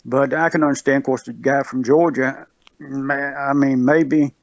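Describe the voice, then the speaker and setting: A man's voice: medium pitch, steady tone, normal speed, vocal fry, no room sound. A man from Mississippi with a Mississippi Southern accent, a guest talking earnestly in a casual conversation, often repeating himself and restarting. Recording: dull lo-fi recording.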